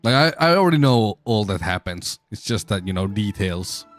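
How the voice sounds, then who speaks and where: Streamer brief: a joking, irreverent man, lively pitch swings, faint music under the voice. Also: moderate pace. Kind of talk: casual game commentary.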